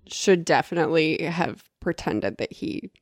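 A woman's voice: low voice, expressive, measured pace, no room sound, clean studio sound. A woman co-hosting a casual chat, playful and emphatic, holding her ground in debate.

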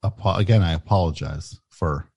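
A man hosting a comedy call-in show, speaking in a halting, stammering, over-apologetic way. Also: low voice, darkish tone, husky, no echo. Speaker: host.

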